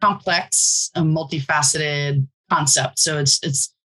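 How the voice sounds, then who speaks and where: A woman's voice: low-pitched, fairly even intonation, slow, fairly bright tone, rough recording. A woman co-hosting a podcast who thinks aloud, searching for words as she explains an idea. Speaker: podcast co-host. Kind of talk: casual explanatory chat.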